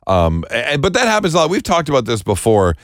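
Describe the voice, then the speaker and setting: A man's voice: mid-range voice, huge pitch swings, quick pace, dry recording, clean studio sound. A man co-hosting a podcast, sharing movie trivia in casual chat with playful disbelief. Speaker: podcast co-host.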